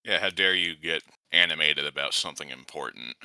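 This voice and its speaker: A man's voice: a bass voice, fairly quick, bright, forceful tone, smooth, no room sound, low-quality recording. A man co-hosting a casual political commentary show, sardonic and heated, swearing now and then. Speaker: podcast co-host.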